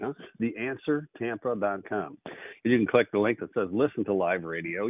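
A man hosting a call-in radio show with fast, upbeat auctioneer patter. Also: fairly low pitch, no echo. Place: radio studio. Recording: phone-like narrow band.

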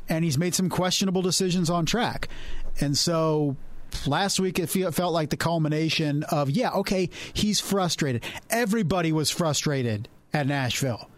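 A man's voice: on the high side, no room sound. Blunt, opinionated man co-hosting. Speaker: podcast co-host. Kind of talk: casual chat.

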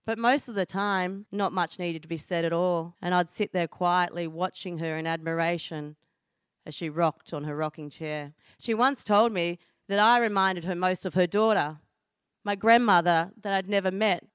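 An Australian woman in her thirties tells her own story with earnest feeling and deliberate pauses. Her voice sits a little low and sounds smooth and clear, close and dry with no room around it. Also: dry recording. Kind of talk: personal storytelling performance.

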